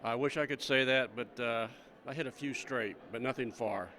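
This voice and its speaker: 60s guy at a reunion, humble and hesitant, bright clear tone. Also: medium pitch. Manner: modest, halting with fillers. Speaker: reunion guest.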